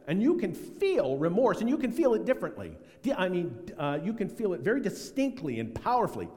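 A middle-aged man delivers a sermon with a lively, swooping pitch, acting out quotes as he tells stories. His voice sits a little high for a man. The sound carries a long reverb, as in a large hall. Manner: animated storytelling, acts out quotes. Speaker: pastor.

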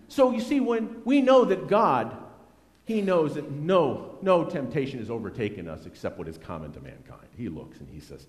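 Male pastor, fairly high voice, animated delivery, preaching in a reverberant hall. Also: moderate pace. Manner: earnest, conversational preaching with lively swings in loudness. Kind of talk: sermon.

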